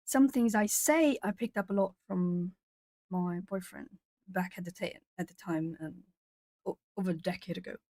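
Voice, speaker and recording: Her voice is lowish and dark at normal speed, recorded close and dry with no room sound. She's an art streamer with a British-tinged, hard-to-place English accent, chatting while she draws, rambling, laughing a lot and self-correcting.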